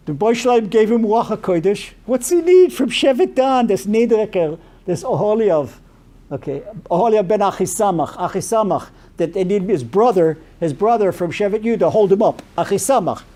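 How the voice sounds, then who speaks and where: A man as a rabbi giving a storytelling sermon, animated and peppered with Yiddish and Hebrew terms. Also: high-pitched.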